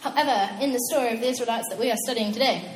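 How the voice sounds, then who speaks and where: A young woman preaching a casual, animated sermon, chatty and quick to laugh at her own asides. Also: on the high side, a little hiss or hum. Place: church hall. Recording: echoey hall with long reverb.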